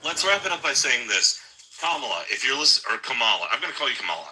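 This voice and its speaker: A man's voice: mid-range voice, big pitch swings, fast, over a noisy crowd, low-quality recording. A man calling in to argue politics, rambling and restarting his sentences. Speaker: caller. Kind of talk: casual political debate.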